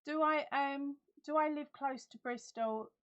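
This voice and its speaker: Livestream host, middle-aged woman, rambling and giggly, somewhat high-pitched, lo-fi webcam audio. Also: measured pace, fairly bright tone. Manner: chatty, giggly, reads out viewer comments. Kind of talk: casual live chat.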